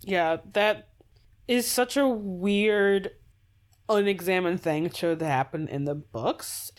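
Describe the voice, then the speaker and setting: A woman's voice: medium pitch, slow. A woman co-hosting a podcast in casual discussion, rambling with restarts, sighs and swearing. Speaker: podcast co-host.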